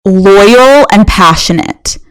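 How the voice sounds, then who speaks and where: A woman who is a comedian and content creator, a guest on a podcast, telling stories in a lively, expressive way. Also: mid-range voice, takes it slowly, smooth, low-quality recording. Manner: animated, expressive storyteller. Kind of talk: casual interview chat.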